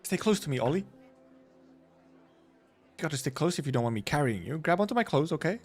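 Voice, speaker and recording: A man's voice: a little high, very animated, fairly quick, breathy edge, soft background music, exaggerated voice. A man voicing a frightened mother who is fleeing a burning city with her small child, talking in a pleading, panicky rush. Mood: frantic.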